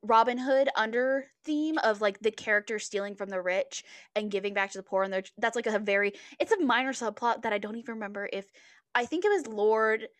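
A woman's voice: on the high side, a little fast, no room sound. A woman co-hosting a podcast, casually retelling things in a rambling way with lots of fillers and restarts. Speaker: podcast co-host. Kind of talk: casual book chat.

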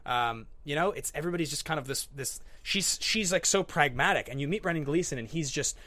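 A man's voice: on the high side, brisk. A man hosting a casual movie podcast, talking animatedly and acting out scenes he loves. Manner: animated, acts out movie scenes in quoted voices. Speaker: podcast host.

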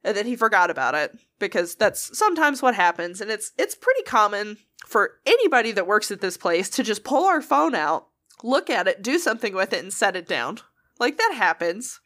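A woman casually telling funny work stories, animated and swearing freely. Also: mid-range voice, a little fast. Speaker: podcast co-host. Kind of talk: casual storytelling chat.

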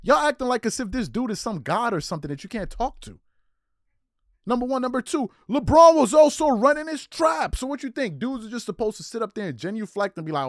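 Guy going off on a sports rant, high lively voice, aave, dry close sound. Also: fairly quick, no room sound. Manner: heated, incredulous, repetitive rhetorical questions. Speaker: sports commentary host.

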